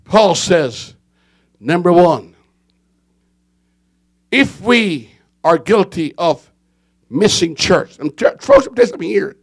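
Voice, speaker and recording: Fiery high-voiced male preacher. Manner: fervent, swings between shouting and hushed tones; repetitive, hammering phrases. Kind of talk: fiery sermon.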